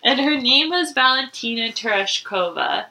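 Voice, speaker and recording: A woman's voice: high voice, animated, normal speed, pushed and bright, poor audio. A woman co-hosting a casual podcast, laughing often as she reads out trivia questions. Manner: giggly, reads trivia notes aloud. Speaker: podcast co-host. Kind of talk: casual chat.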